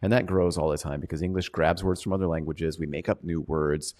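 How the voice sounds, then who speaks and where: A man's voice: rumbling low, steady tone, brisk, darkish tone. A man co-hosting an interpreting podcast, chatting casually and often checking in with "right?". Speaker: podcast co-host.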